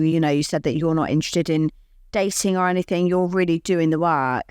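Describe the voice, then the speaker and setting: A woman's voice: deep voice, a little mellow, clean tone, no room sound, clean studio sound. A woman co-hosting a podcast, earnestly reassuring listeners in casual chat. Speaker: podcast co-host. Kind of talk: casual chat giving advice.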